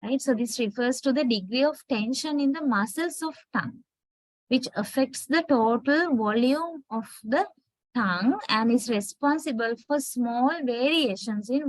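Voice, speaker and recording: A woman's voice: a little high, measured pace, no room sound, rough recording. Sri Lankan woman lecturing, checking in often. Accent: Sri Lankan English. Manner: explains step by step, checks with "right?". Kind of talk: university lecture on phonetics.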